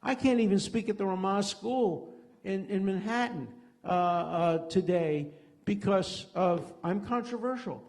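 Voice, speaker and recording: This is an older man addressing a community center audience as a guest speaker. His voice sits slightly high for a man. He talks with fervent conviction, rambling between anecdotes and often restarting his sentences. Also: a little slow, a little mellow. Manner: impassioned, digressive storyteller, frequent restarts. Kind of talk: public lecture with Q&A moderators.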